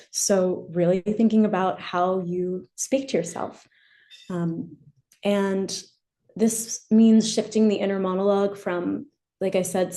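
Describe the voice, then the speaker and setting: An educational therapist, a woman with a mid-range voice, presents a webinar, explaining things gently and modeling example phrases.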